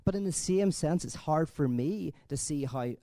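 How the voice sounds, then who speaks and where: A man giving a conference talk in a conversational, thinking-aloud way, telling jokes with lively energy. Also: on the high side, normal speed, no echo. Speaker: conference speaker.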